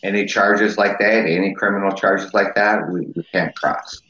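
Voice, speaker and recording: A man's voice: fairly low pitch, fairly even intonation, moderate pace, bright, forceful tone, echoey room, dull audio. A Canadian man hosting a podcast, easygoing and agreeable, talking casually with lots of "you know". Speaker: podcast host, trucker. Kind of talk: casual chat.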